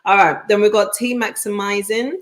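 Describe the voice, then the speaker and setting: A woman's voice: mid-range voice, steady tone, moderate pace. A woman from the United Kingdom co-hosting a live church talk show, cheerfully reading out viewer messages and laughing often. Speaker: co-host, pastor's wife.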